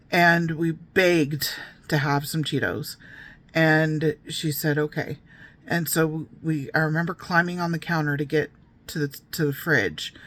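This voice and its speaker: A woman's voice: low voice, fairly bright tone. A woman reading her own memoir aloud, breaking off often for wry, digressive asides spoken straight to her listeners. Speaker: memoir narrator.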